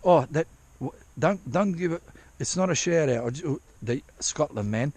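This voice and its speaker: A man with a gravelly, husky voice talks outdoors at a dig site in light rain. He rambles in loose, profane asides, breaking off and restarting his sentences as he goes. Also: on the high side, lively intonation, normal speed, darkish tone. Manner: rambling, profane, self-interrupting. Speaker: vlogger prospecting for gold. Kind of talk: casual rambling vlog.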